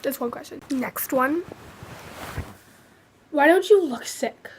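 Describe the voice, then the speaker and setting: Casting note: teenage girl with a high voice, halting personal vlog talk. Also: a little hiss or hum. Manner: hesitant, many fillers and restarts. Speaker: vlogger sharing her cancer story. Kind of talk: casual personal storytelling.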